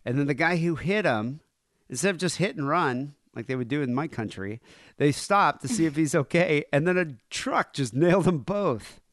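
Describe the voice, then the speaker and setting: Animated man telling stories on a podcast. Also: a little high, normal speed, no echo, clean studio sound. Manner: animated storytelling, mimics voices. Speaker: podcast co-host. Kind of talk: casual comedic chat.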